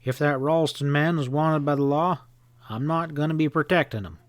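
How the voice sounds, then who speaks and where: A man voicing a hot-tempered middle-aged hotel owner in a western audiobook, gruff and blustering. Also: fairly high pitch, normal speed, dry recording, close to an everyday voice.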